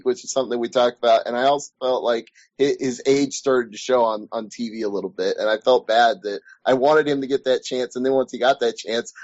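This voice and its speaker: A man's voice: medium pitch, a little mellow, no echo, dull audio. A man interviewing a guest in casual chat, thoughtful and hesitant with frequent restarts.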